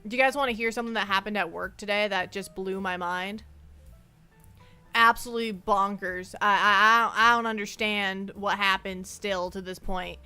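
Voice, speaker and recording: A woman's voice: mid-range voice, steady tone, moderate pace, pushed and bright, clean tone, soft background music. A young adult woman streaming as a VTuber, chatting casually and playfully with her viewers and often repeating herself. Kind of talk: casual livestream chat.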